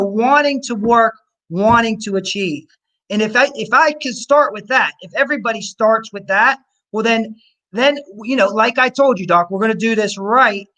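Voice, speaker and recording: A man's voice: very high-pitched, sharp tone, rough recording. A man, a personal trainer, answering interview questions in a rambling, coach-like way. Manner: rambling, full of fillers and restarts, coach-like encouragement.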